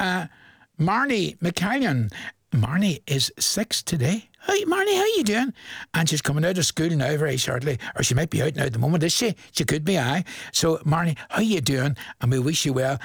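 A man with a Northern Irish accent presenting a radio request show, chatty and rambling as he reads out shout-outs and chuckles between them. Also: on the high side, lively intonation, normal speed, vocal fry, breathy edge, no echo.

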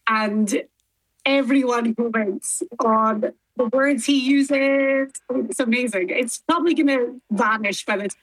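A Scottish woman in her thirties, chatting as a guest over a remote link in a lively way. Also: fairly high pitch, a little slow, no room sound, rough recording. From Scotland. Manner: chatty and animated. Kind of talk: casual chat on a remote link.

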